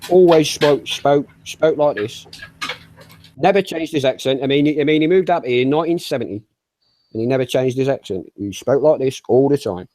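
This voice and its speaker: A man talks casually in a warm, mellow voice. He hesitates and repeats his words as he goes. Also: mid-range voice, fast talker, dry recording. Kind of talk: casual chat.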